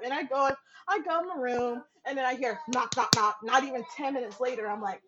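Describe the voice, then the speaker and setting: A woman with a fairly high voice tells a story in loose, casual talk. She swears freely and slips into the voices of the people she quotes. The sound is dull and lo-fi, like a home podcast recording. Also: fast talker, hardly any pauses, noisy background. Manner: animated, acts out quoted voices, laughs often, swears freely. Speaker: podcast guest.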